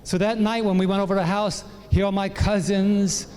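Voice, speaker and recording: A man's voice: high voice, brisk. A man gives a sermon-style personal testimony in a large hall, and his slightly raised voice carries a long echo. He tells the story with lots of animation and acts out the voices of the people in it. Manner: animated storytelling, acting out relatives' lines. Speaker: pastor. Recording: echoey hall.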